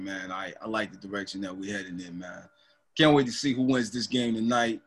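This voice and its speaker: A man's voice: lowish voice, fairly even intonation, brisk, slight background noise. A young man co-hosting a podcast in casual chat, laid-back, laughing often and calling his friend man and dog. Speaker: podcast co-host.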